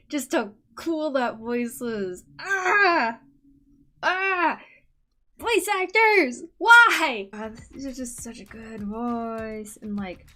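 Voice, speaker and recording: Young woman doodling and chatting, gets super giggly and excited, bouncy pitch. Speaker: artist and video host. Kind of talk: casual chat while drawing.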